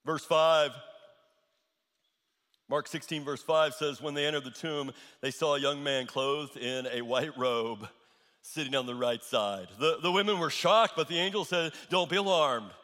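A man's voice: on the high side, unhurried, sharp tone, long reverb tail. A male pastor preaching a sermon, repeating his key lines for emphasis.

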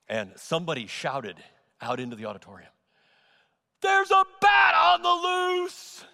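A middle-aged man preaching a sermon, swinging from loud emphatic peaks to soft, low asides. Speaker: pastor. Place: large church auditorium. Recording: echoey sanctuary with long reverb.

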